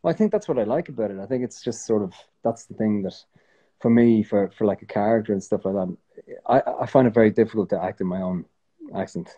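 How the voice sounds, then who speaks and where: An Irish man sits in for a casual interview chat. His voice sits low and sounds deep and mellow, and he rambles loosely, circling back with fillers and false starts. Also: fast, husky. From Ireland. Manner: relaxed, rambling, many fillers and restarts. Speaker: guest.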